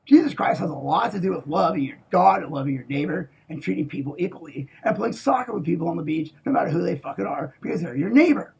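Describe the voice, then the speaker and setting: Very raspy man, gravelly and profane. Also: a little high, animated, fast talker, few pauses. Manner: profane, emphatic, swings from hushed to shouting. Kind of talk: rambling monologue.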